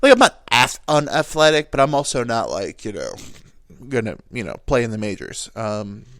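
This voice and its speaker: A man's voice: medium pitch, sing-song, moderate pace, a bit bright, no room sound, studio quality. A young man sounding nasal and teary, telling a rambling personal story with fillers and self-corrections as a podcast host. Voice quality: nasal, sounds like he just cried. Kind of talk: casual storytelling monologue.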